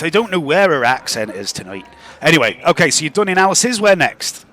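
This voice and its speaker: A man's voice: a little high, big pitch swings, brisk, few pauses, a bit bright. A man narrating as game master of a tabletop game, loose and laughing, with many fillers.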